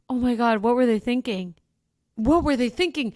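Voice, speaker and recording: Smooth, dry-sounding podcast host woman. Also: fairly high pitch, normal speed, no room sound. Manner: laughs and breaks off while reading listener stories. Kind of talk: casual storytelling podcast.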